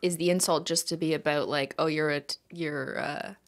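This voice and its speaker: A woman with a Canadian accent co-hosting a podcast, chatty and giggly, thinking out loud. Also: low voice, fairly even intonation, moderate pace. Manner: chatty, giggly, musing aloud. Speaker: podcast co-host. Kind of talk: casual chat.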